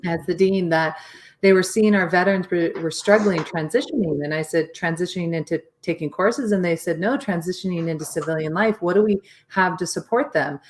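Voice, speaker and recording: A woman speaking as an interview guest with a somewhat low voice. She explains her work earnestly and conversationally, in long, steady answers. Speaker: interview guest, nonprofit founder.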